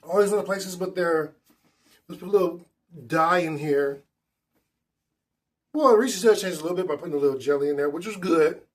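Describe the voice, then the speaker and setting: A man's voice: on the high side, moderate pace, pauses often. A man hosting a casual snack tasting vlog indoors at a table, chatty and enthusiastic with loose restarts. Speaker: food vlogger.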